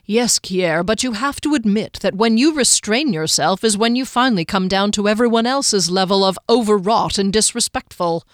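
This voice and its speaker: A woman's voice: medium pitch, lively intonation, moderate pace, hardly any pauses, dry recording, studio quality, lightly acted. Woman voicing a stern, formal male knight. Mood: reproving. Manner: reproving, formal.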